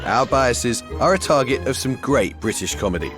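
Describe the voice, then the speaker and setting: A man's voice: medium pitch, animated, normal speed. A man narrating a documentary, his voice rising and falling with animation as he poses questions. He sounds engaged and curious. Music plays in the background. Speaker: documentary host.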